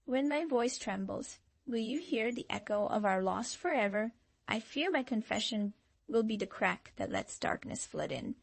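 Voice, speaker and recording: Tarot reader lady reading a channeled love msg, slow and dramatic, breathy raspy voice. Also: fairly high pitch, animated, no echo. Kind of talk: scripted channeled love message.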